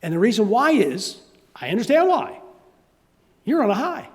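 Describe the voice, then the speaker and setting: A man's voice: sits high, normal speed, in a large hall. An older man with a Southern US accent preaching a sermon, telling stories and acting out voices. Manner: animated storytelling, acting out voices. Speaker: pastor.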